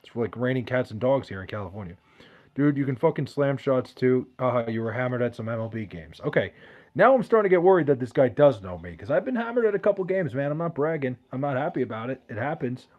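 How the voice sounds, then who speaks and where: A man's voice: mid-range voice, darkish tone, muffled recording. A man hosting a podcast, reading out chat questions in loose, profane, joking banter. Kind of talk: casual chat.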